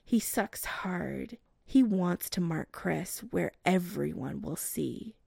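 A woman reads a romance story aloud at an unhurried, even pace. Her voice carries a heavy gravelly fry in a mid range. The sound is dry and close to the mic. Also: lowish voice, no echo. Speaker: narrator. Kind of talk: audiobook reading of a romance story.

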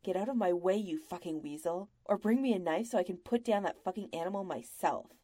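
A woman voicing a cruel male slave merchant who speaks slowly and low, almost purring, and bursts into screaming rage. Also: lively intonation, gravelly, dark tone, heavily acted. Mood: furious.

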